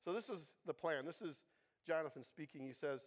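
A pastor with a somewhat high voice preaches in a relaxed, chatty way. He keeps checking in with the congregation and slips in playful jokes as he goes. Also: brisk. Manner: conversational, keeps asking the congregation "right?"; humorous, playful asides. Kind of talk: sermon.

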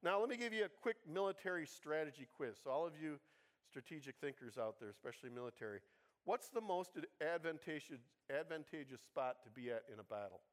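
Fairly high-voiced man preaching conversationally. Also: animated, fairly quick. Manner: conversational, keeps asking the congregation "right?"; humorous, playful asides. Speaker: pastor. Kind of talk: sermon.

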